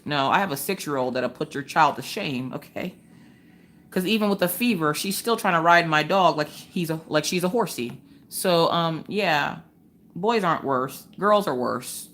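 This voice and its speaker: A woman's voice: low-pitched, moderate pace, fairly bright tone. A woman in her thirties from Pennsylvania, hosting a casual crafting livestream from home, chatty and laughing often as she tells family stories. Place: home, indoors.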